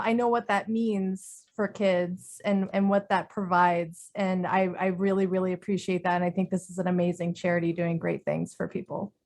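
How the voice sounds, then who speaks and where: A woman speaks as a player in a tabletop game. She talks quickly and earnestly in a plain, mid-pitched voice. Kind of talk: casual tabletop game chat.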